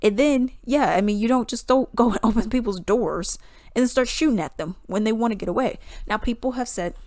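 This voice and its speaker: A woman giving casual, blunt commentary, animated and acting out what others said. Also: mid-range voice, fairly quick, no room sound, clean studio sound. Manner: blunt, animated, acts out quotes in voices.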